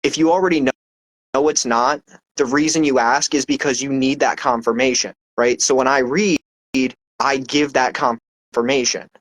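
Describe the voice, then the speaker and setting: A man's voice: mid-range voice, steady tone, normal speed, a bit bright, no echo, rough recording. A man, a poet guest, explaining his craft in casual interview chat, confident and emphatic, often checking in with "right?".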